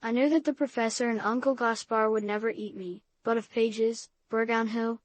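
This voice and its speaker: A woman reading a classic children's novel aloud as an audiobook, in a clear, even storytelling manner. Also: a little high, moderate pace. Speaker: audiobook reader.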